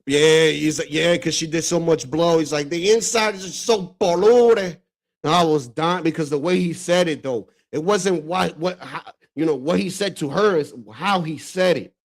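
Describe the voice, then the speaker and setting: Male host from the Dominican Republic, slightly high voice, profane and excitable, casual reaction chat. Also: normal speed, gravelly, few pauses. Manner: profane, excitable, laughs often. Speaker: streamer host reacting to clips.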